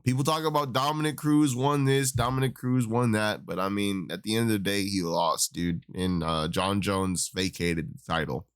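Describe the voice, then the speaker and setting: A man's voice: on the low side, fairly even intonation, normal speed, few pauses, smooth. A young man ranting about mixed martial arts in a casual, profane, exasperated way. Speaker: MMA commentator. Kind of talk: casual opinion rant.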